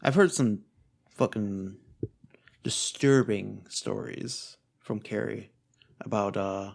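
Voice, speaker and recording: A young man co-hosting a casual podcast chat, swearing freely, animated and laughing often. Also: on the low side, takes it slowly, vocal fry. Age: young adult. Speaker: podcast co-host.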